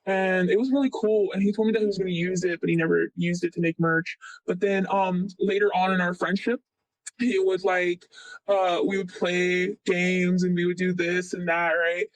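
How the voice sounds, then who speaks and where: A man's voice: high voice, flat delivery, moderate pace, no room sound, low-quality recording. A young man in his late teens, telling a personal story in a loose, rambling way full of fillers. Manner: rambling, heavy on "like" and "blah blah". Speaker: interviewee. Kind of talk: casual retelling.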